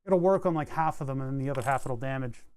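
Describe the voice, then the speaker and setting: A man's voice: medium pitch, fast talker, darkish tone, clean tone, dry recording. A man live-streaming while he solders and repairs a circuit board, thinking aloud in a rambling, casual way with self-deprecating asides. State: hiccuping and burping. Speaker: streamer building electronics.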